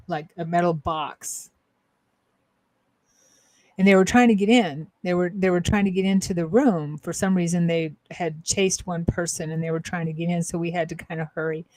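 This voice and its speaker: Psychic medium lady on a chatty spiritual show, kinda low voice, lots of ums and restarts, dry close mic. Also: a little mellow, no echo. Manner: rambling and hesitant, many fillers and restarts. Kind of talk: casual spiritual talk show.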